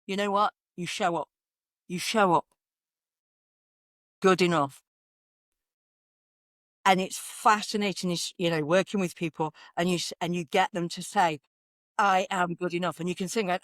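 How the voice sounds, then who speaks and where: A woman, a confidence coach talking in an energetic, conversational way and repeating phrases for emphasis. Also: on the low side, normal speed, pauses often, no echo, clean studio sound. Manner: animated, repeats phrases, sings affirmations in varied inflections. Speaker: confidence coach, podcast guest.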